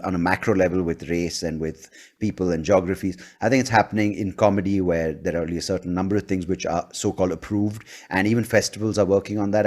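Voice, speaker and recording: A man hosting a podcast, a comedian who talks in an animated, opinionated way and often jokes. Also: low voice. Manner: animated, opinionated, quick to joke. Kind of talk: casual conversation.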